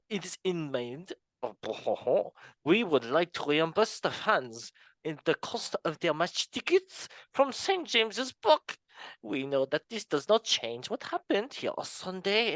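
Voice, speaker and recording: A man doing a put-on French accent as an earnest male football club spokesman, drawn out and slow. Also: on the high side, a bit bright, dry recording, pitched above the performer's own voice, rough recording.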